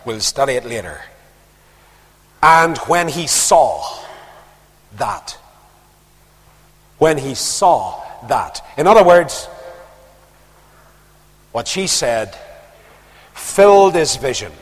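A man's voice: medium pitch, big pitch swings, very slow, pauses often, breathy edge. Preacher man in a reverberant hall. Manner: reads verses aloud, then drops into quiet conversational asides. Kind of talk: sermon, reading scripture with asides. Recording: long reverb of a large hall.

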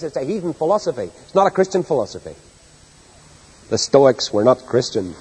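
A man preaching a sermon with great passion, soaring to loud high peaks and then dropping low and quiet, and putting questions to his listeners. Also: very animated, fairly quick, husky, big-room sound, low-quality recording. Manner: rhetorical questions to the congregation.

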